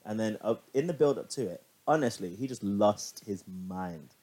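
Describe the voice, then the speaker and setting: A man in casual podcast chat, chatty and animated, swearing freely as he tells stories. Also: lowish voice, moderate pace. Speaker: podcast co-host.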